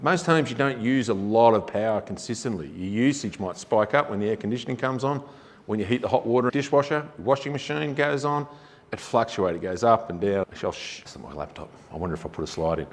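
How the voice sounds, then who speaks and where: A man's voice: lowish voice, expressive, fast. A man with an Australian accent giving a conversational, emphatic forum talk on home energy, with rhetorical questions. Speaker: energy efficiency presenter. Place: forum venue hall. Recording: reverberant hall.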